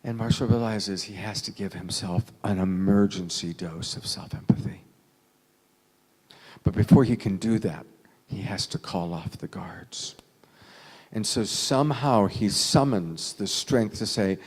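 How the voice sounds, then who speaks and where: A man telling an emotional story to an audience, dramatic, dropping from loud lines to near whispers. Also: sits low, moderate pace, slightly rough.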